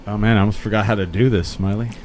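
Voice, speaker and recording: A man's voice: on the low side, fairly even intonation, rapid-fire, over music. A man hosting a podcast in a studio, joking around in casual chat and acting out little voices when he tells a story. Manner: jokey, acts out voices in quotes. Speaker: podcast host. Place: studio with air conditioning running.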